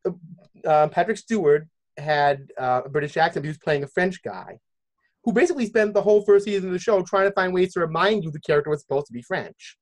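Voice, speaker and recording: A man hosting a casual podcast chat, rambling with restarts and jokey side notes. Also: sits high. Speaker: podcast host.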